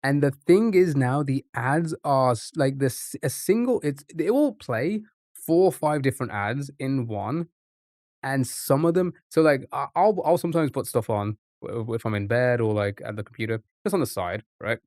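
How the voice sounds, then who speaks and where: A man's voice: mid-range voice, normal speed, a little mellow, no echo, clean studio sound. Rambling male streamer thinking aloud. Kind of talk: casual live-stream chat.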